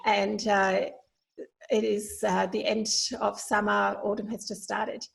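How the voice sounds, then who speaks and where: A woman's voice: mid-range voice, little pitch movement, slow, vocal fry, soft background music, poor audio. A woman in her forties from Germany with a German accent, hosting a casual solo podcast from her home kitchen, talking with enthusiasm and plenty of fillers. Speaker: podcast host, veterinarian.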